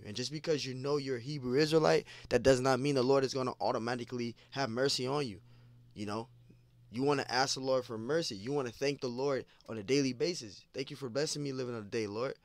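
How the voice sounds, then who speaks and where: A man's voice: mid-range voice, fast, dry recording. Casual man preaching, dry close sound. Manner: casual, repetitive, peppered with "man" and "you know". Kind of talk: informal scripture teaching.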